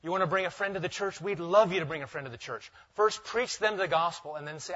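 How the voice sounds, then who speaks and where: A male pastor preaching a sermon emphatically, repeating key phrases and dropping to quiet intensity for weight. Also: on the high side, fast, hardly any pauses, husky, dull audio.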